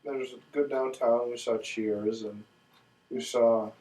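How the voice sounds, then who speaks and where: A man's voice: mid-range voice, steady tone, takes it slowly, warm tone. A man chatting casually about a trip on a home video, rambling and correcting himself as he goes. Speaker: traveler recounting a trip. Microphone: camcorder mic. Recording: distant home camcorder audio.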